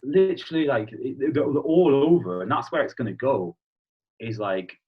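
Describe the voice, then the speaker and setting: Young british man, husky voice, casual chat, chatty, dull lo-fi recording. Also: medium pitch, normal speed. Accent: British English. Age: young adult. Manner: chatty, swears casually, animated storytelling. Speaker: guest.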